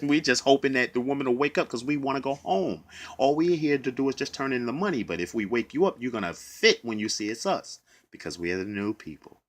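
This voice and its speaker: A man's voice: medium pitch, animated, a little fast. Man giving an emotional personal account. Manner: emotional, acts out what others said. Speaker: bus driver. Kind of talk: personal testimony to camera.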